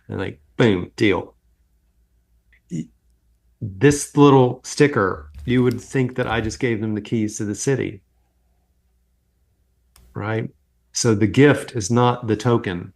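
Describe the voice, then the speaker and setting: Animated middle-aged man telling stories. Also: lowish voice, slow pace, creaky, pauses often. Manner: animated storyteller, acts out quoted exchanges. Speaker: guest. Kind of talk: casual interview storytelling.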